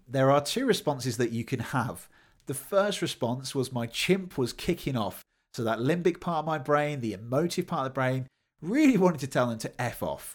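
Animated man telling a story. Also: mid-range voice. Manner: animated, acts out quoted voices. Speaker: podcast host. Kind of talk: casual storytelling monologue.

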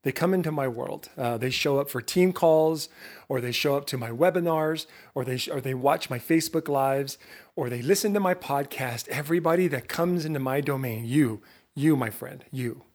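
A middle-aged man hosting his own podcast, giving a lively motivational talk straight to his listeners, full of rhetorical questions and self-interruptions. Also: medium pitch, normal speed. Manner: self-interrupting, laughs at himself. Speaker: podcast host.

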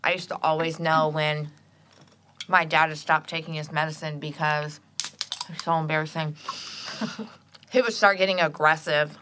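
A young woman in casual podcast chat, with a lowish but bright, forceful voice. She is blunt and wry, chiming in often, with faint noise in the background. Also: fairly even intonation, normal speed, long pauses. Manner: wry interjections, laughs along, blunt. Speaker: podcast co-host.

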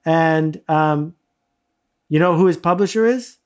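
A middle-aged man from the United States telling a self-deprecating personal story in a casual, animated way, laughing often. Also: fairly high pitch, a little slow. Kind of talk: casual anecdote, conversational storytelling.

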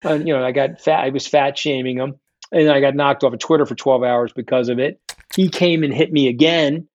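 A man's voice: medium pitch, steady tone, fairly quick, dull audio. A middle-aged man, a guest in a candid interview, telling his story in a blunt, profane, combative way. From New York. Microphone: remote call.

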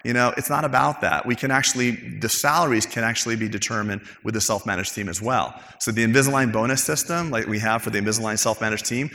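Man, practice owner on a panel; bright, animated, mimics coworkers; hall reverb. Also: on the low side, fast, few pauses. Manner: animated storytelling, acts out coworkers' quotes. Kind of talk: casual panel talk.

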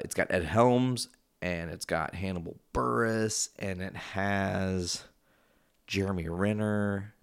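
A man hosting a casual solo podcast from his home, rambling and swearing freely as he drifts off on tangents. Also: deep voice. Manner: rambling, profane, goes off on tangents. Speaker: podcast host.

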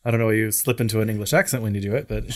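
A man's voice: lowish voice, very fast, a little mellow. A man co-hosting a movie podcast, joking through outtakes and laughing often. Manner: jokey, laughs often, mock-dramatic. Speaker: podcast co-host. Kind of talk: casual banter, outtakes.

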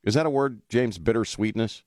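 A man's voice: on the low side, fairly quick, darkish tone, dry recording, clean studio sound. A man hosting a talk radio show, chatting bluntly and jokingly. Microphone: studio mic.

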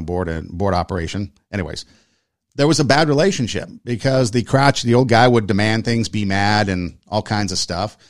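A man's voice: fairly low pitch, no echo. Earnest man with a dry, close sound. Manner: earnest, conversational, repeats phrases for emphasis. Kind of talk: reflective monologue with personal story.

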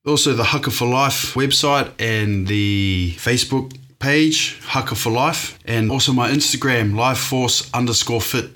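New Zealand-accented male podcast guest, enthusiastic, mid-pitched, bright. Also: unhurried, hardly any pauses. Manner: enthusiastic, warm-hearted, laughs often. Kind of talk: casual podcast conversation.

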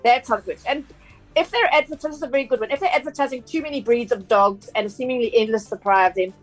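A South African woman with a somewhat high voice talks through consumer advice on a radio show. She is chatty and explanatory, full of fillers and quick restarts. Faint music plays underneath. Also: low-quality recording. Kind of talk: radio talk segment.

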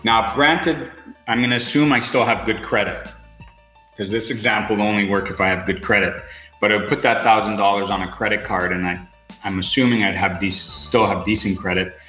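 A man's voice: lowish voice, fairly even intonation, a little fast, sharp tone, echoey room, faint music behind, poor audio. A man speaking as a podcast guest in casual interview talk, rambling with lots of fillers and restarts. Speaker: podcast guest, real estate investor.

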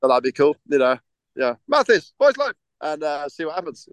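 A man's voice: a little high, expressive, brisk, clean tone, no room sound. A man co-hosting a casual podcast chat, rambling and hesitant with lots of restarts. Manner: rambling, hesitant, full of ums and restarts, laughs easily. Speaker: podcast co-host.

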